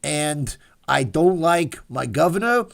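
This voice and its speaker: A man's voice: a little high, expressive, takes it slowly, gravelly, full character voice. A man doing a blunt, grumbling New York sanitation worker with a put-on New York accent. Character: gruff Staten Island sanitation worker, middle-aged man.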